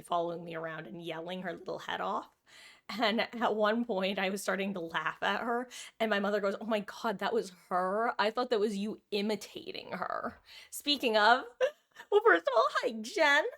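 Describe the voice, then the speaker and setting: A woman's voice: medium pitch, normal speed, a bit bright. A woman streamer chatting casually with her viewers and cooing over her cat in a baby-talk voice. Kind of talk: casual live-stream chat.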